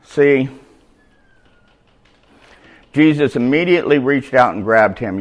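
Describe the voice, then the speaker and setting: A man preaching a sermon, reading scripture and adding loud, animated, conversational asides, shouting at the peaks. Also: medium pitch, slow, pauses often.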